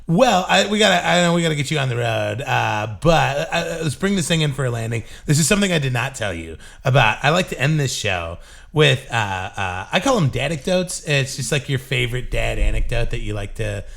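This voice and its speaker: A man hosting a podcast, chatting casually with a guest and cracking quick jokes between filler words. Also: medium pitch, expressive, gravelly, fairly bright tone. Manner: jokey, quick quips, trails off with fillers. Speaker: podcast host. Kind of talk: casual interview chat.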